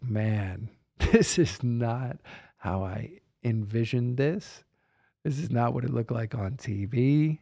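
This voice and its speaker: A man's voice: lowish voice, creaky, dark tone, husky. A man telling a candid personal story in a reflective way. He repeats phrases for emphasis and often says "you know" and "like.". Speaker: guest sharing personal story.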